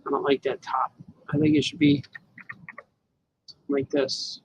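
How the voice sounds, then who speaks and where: Brief: a man with a gravelly voice chatting loosely with his audience while he draws, a faint hiss behind him. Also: fairly high pitch, sing-song, unhurried, rough recording. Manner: rambling, talks to the viewers as he works. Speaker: cartoonist livestreaming his drawing. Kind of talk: casual live commentary while drawing.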